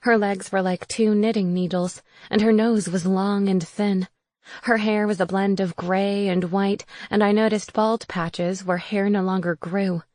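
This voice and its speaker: A woman's voice: medium pitch, steady tone, measured pace, darkish tone, no room sound, studio quality. Woman narrating a cozy mystery. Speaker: audiobook narrator. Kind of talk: first-person audiobook narration.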